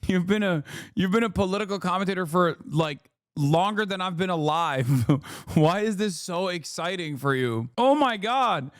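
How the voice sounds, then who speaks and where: A man's voice: high-pitched, animated, normal speed, dry recording, studio quality. Sarcastic, profane male streamer. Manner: sarcastic, profane, laughs often. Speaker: streamer and political commentator. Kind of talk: live-stream reaction commentary.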